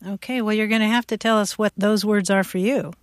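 A woman's voice: medium pitch, fairly even intonation, a little fast, no room sound, clean studio sound. A woman co-hosting a radio talk show, bantering playfully with callers. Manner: playful, warm banter with laughs.

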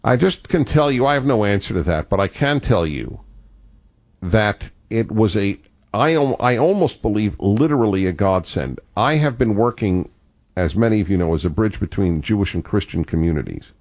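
A man's voice: lowish voice, animated, normal speed, a little mellow. An older man hosting a call-in radio talk show, thoughtful and digressive, often restarting his sentences.

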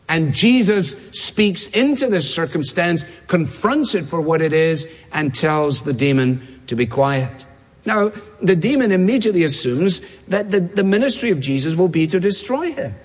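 Husky preacher in a reverberant hall. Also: male voice, sits high. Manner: emphatic, repeats key phrases, slows to stress words. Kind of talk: sermon.

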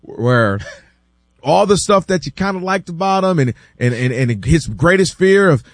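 A man hosting a casual sports debate, animated and acting out quotes from other people, often repeating words as he builds his point. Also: a little high, unhurried, no echo, clean studio sound. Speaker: sports talk show host.

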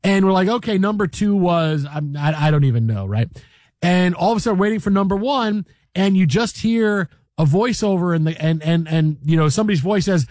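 A man hosting a talk radio show, bantering playfully with co-hosts, laughing often and slipping into quick impressions. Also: high-pitched, lively intonation, a little mellow, no echo, studio quality. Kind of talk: casual sports radio banter.

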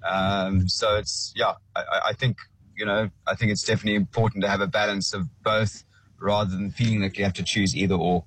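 A man calling a radio show, speaking haltingly with many fillers. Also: lowish voice, flat delivery, a bit bright, slightly rough, no echo, rough recording.

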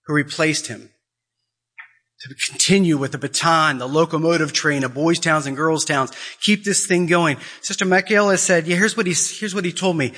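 A man giving an impassioned sermon-style talk, emphatic, repeating phrases and climbing high in pitch in bursts. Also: bright, forceful tone, husky. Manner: acts out quoted voices. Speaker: Catholic speaker.

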